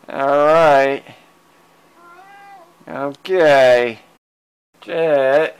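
A man at home speaks very slowly to his cats, coaxing them and meowing back. He chuckles quietly between lines. His smooth, resonant voice is picked up by a handheld camera mic. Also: medium pitch. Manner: fond, coaxing pet talk, meows at the cats, soft chuckles. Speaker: cat owner filming his pets. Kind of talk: casual talk to his cats. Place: at home indoors. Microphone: handheld digital camera mic.

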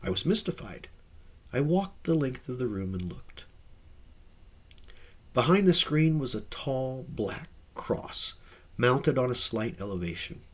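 A man narrating an audiobook in a husky voice. His reading is animated, rising and falling widely in tone, with plenty of expression in the storytelling. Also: medium pitch. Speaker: audiobook reader.

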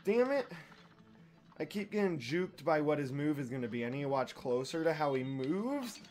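A young man giving casual let's-play commentary, profane and excitable, trash-talking the boss and yelling when he wins or loses. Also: on the high side, normal speed, soft background music. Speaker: gaming YouTuber.

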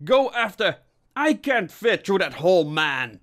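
A man voicing a hot-tempered male police inspector who shouts in a raised, strained voice. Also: sits high, sing-song, a little slow, voice pushed up, exaggerated voice. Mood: shouting.

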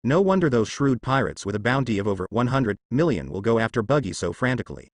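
A man narrating a translated fan-fiction story at a steady, even reading pace. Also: medium pitch, quick pace, no room sound.

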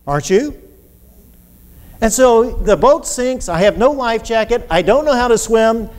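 A man preaching a sermon, telling a story with animated delivery and acting out cries for help. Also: very high voice, normal speed. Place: church. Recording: reverberant church hall with faint ambience.

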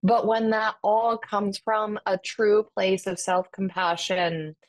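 A woman's voice: mid-range voice, little pitch movement, slow pace. A woman speaking as a podcast guest and wellness coach, earnest and effusive, in inspirational phrasing. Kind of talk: casual podcast chat.

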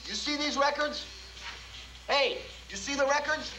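An actor playing a pushy young man who wheedles and shouts as he tries to bribe his way through a door, in a film drama. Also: very high-pitched, unhurried, roomy sound, over music, poor audio. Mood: wheedling.

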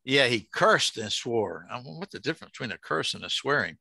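A man's voice: mid-range voice, very animated, a little fast, vocal fry, sharp tone, husky, no echo. A man, teaching a casual Bible study to an online group. He jokes and asks the group questions.

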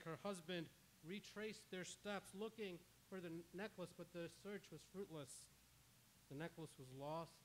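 A male pastor with a somewhat high voice preaches in church. He spins a story dramatically and voices the characters' lines himself. A faint hiss runs under the recording. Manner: dramatic retelling with quoted dialogue. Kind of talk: sermon storytelling.

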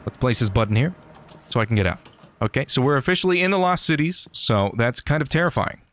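A man giving excitable, joking commentary over his gameplay, often talking back to enemies on screen. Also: mid-range voice, quick pace. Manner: excitable, jokey, talks to enemies. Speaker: gaming YouTuber. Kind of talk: game commentary.

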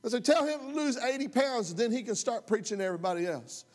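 High-voiced impassioned male pastor. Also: fast. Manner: impassioned, folksy, rising to loud outbursts. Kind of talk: sermon. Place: church sanctuary. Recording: long hall reverb.

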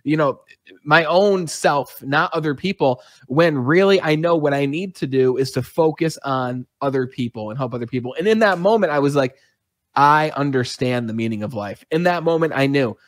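Male podcast host, earnest and chatty storyteller, slightly high voice, dry close recording. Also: normal speed, dry recording. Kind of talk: conversational interview.

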